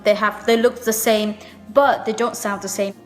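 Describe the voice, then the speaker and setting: A young woman with a Vietnamese accent teaching English pronunciation in a video lesson, speaking slowly and stressing her words. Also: mid-range voice, level tone, in a large hall, soft background music. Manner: slow, emphatic teaching delivery.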